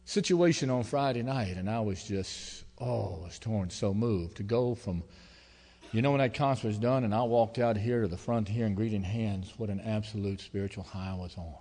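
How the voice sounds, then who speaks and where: Folksy pastor preaching in a reverberant church. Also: male voice, fairly low pitch, normal speed. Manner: folksy, emotional storytelling with swings from loud to hushed. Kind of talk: sermon. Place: church sanctuary. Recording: long hall reverb.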